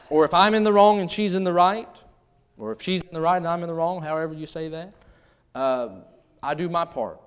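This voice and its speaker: A middle-aged man delivers a sermon in a relaxed, joking, conversational manner. His voice sits a little higher than most men's, and he talks straight to his listeners as he acts out small scenes from married life. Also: measured pace, pauses often, smooth. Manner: humorous, conversational preaching with acted-out quotes. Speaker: pastor.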